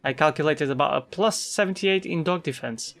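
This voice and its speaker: A woman's voice: low voice, fairly quick, faint music behind. A woman voicing game dialogue for a stubborn, paranoid male coworker who boasts about his cubicle fort. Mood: boastful. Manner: gruff, boastful, deadpan.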